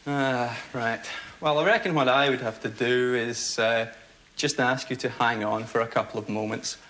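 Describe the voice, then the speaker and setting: A man's voice: mid-range voice, fairly even intonation, moderate pace, a bit bright, slight background noise. A man with a Scottish Glasgow accent, a contestant giving playful, storytelling answers. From Glasgow, Scotland. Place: TV studio.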